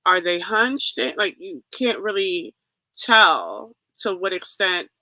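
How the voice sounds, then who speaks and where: A man's voice: high-pitched, big pitch swings, slow, pushed and bright, no room sound, poor audio. A man co-hosting a talk show, thinking aloud in a loose, rambling way. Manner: thoughtful, rambling. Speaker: co-host. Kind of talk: casual talk show chat.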